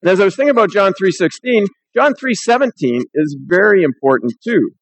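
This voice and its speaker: A man's voice: sits high, expressive, brisk, breathy edge, no room sound, poor audio. A man pastor preaching a sermon in a church, talking conversationally and reading scripture aloud.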